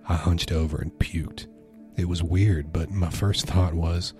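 A man's voice: low voice, steady tone, measured pace, mellow, faint music behind. A man narrating a first-person horror story with tense, vivid storytelling.

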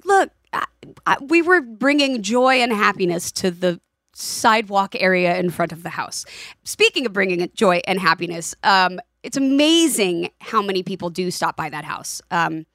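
A woman in her forties co-hosting a podcast, telling stories in a lively, animated way. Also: mid-range voice, moderate pace, no room sound, clean studio sound. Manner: animated storytelling with laughs and quoted voices. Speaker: podcast co-host. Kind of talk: casual chat.

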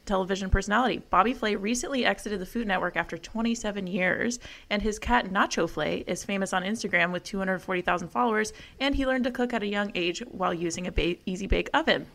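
Host, woman, bright crisp tone, brisk trivia reader. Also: medium pitch. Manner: brisk and informative. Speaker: podcast host. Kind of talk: reading trivia notes.

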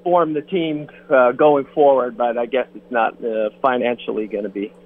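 A man calling into a radio show, speaking hesitantly with many pauses. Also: medium pitch, fairly even intonation. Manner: hesitant, halting with fillers. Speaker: caller. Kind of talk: phone-in chat. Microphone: telephone. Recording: tinny phone line.

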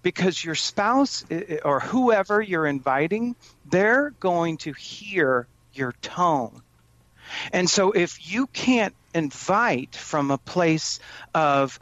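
A man speaks earnestly as a parenting coach, his voice a bit higher than most men's. He often stumbles and restarts his sentences. The recording sounds dull and muffled, with a dry, close feel. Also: animated, slow pace, a bit bright, no room sound. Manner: earnest, with frequent restarts and stammered starts. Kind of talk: conversational advice.

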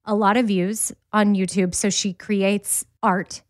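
A middle-aged woman hosting a podcast, chatting in an animated, storytelling way and laughing easily. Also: medium pitch, slow, no room sound, clean studio sound. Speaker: podcast host. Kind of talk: casual chat.

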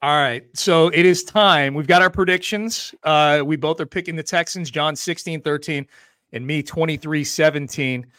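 A man hosting a sports talk podcast, chatty and energetic, talking quickly about football. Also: a little high, no echo, clean studio sound. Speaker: podcast host.

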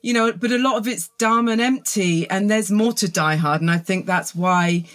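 Woman, forties, southern English accent, guest author, friendly, hesitant, mid-pitched voice. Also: normal speed, a bit bright. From England. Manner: thoughtful, friendly, hesitant with fillers. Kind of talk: casual interview.

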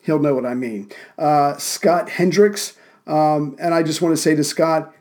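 A man's voice: on the high side, fairly even intonation, unhurried, darkish tone. A man hosting a history podcast from Central Virginia, narrating events with dry, wry asides and thanking listeners casually.

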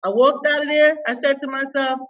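A woman coach, a guest in an interview, telling a personal story in an emphatic, expressive way. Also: high voice, a little fast, distant mic, highs cut off.

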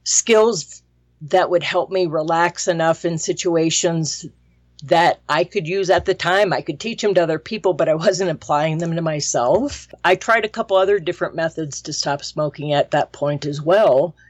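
A woman working as a hypnotist, answering interview questions in a thoughtful way with some pauses. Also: deep voice, breathy edge, no echo. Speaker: hypnotist guest.

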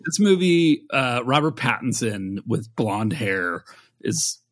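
A man with a slightly husky, breathy voice chats casually as a podcast co-host. His pitch moves around a lot and he drifts into wry laughter often. The talk is loose and unscripted. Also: expressive, takes it slowly. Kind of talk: casual review chat.

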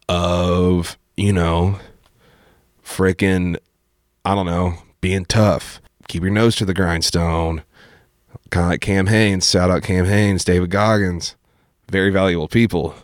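A young man, a podcast guest and former teacher, telling animated stories and acting out what others said. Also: sits low, takes it slowly, dry recording, clean studio sound. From Appalachian Kentucky. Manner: animated storyteller who acts out quotes, says dude a lot. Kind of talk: casual storytelling chat.

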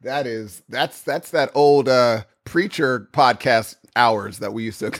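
A man's voice: medium pitch, slow pace. A man co-hosting a podcast, teasing the others in casual chat.

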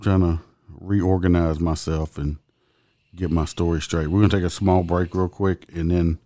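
A man's voice: deep voice, steady tone, moderate pace, dark tone, no room sound, studio quality. A man, a host telling a casual, profane story and laughing as he goes. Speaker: podcast host and police officer.

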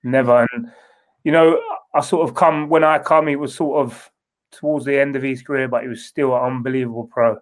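Rambling ex-footballer. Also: male voice, medium pitch, fairly even intonation, brisk, low-quality recording. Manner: loose, rambling, with many restarts. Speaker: former footballer guest. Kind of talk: casual interview.

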